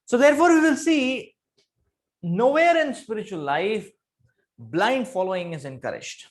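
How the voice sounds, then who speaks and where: A man with a notably high voice delivers a spiritual discourse, moving between teaching and storytelling. He is earnest and repeats phrases to drive points home. His pitch and loudness rise and fall dramatically. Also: expressive, measured pace.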